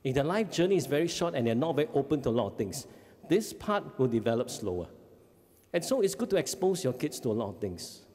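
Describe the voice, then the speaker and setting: A man with a Singaporean English accent gives a parenting seminar talk as a family life educator, animated and often checking in with the audience. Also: medium pitch, quick pace. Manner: animated, acts out kids' voices, frequent "okay?" checks. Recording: long hall reverb.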